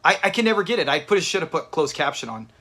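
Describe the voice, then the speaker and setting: A man's voice: a little high, very animated, fast talker, pushed and bright, slightly rough. A man hosting a live watch party, chatting casually with viewers and thanking them by name. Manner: chatty, reads out viewer names, restarts often.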